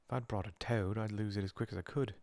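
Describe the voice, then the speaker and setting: Man doing a chatty offhand schoolboy wizard, whispered role-play, gravelly, close and dry. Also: lowish voice, fairly even intonation, darkish tone, no room sound. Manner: offhand, blunt, quick-talking.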